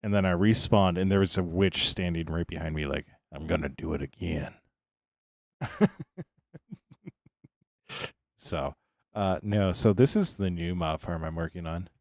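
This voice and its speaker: A man's voice: sits low, steady tone, normal speed, dry recording, clean studio sound. A man giving casual livestream commentary as a game streamer, rambling along and answering his chat between remarks.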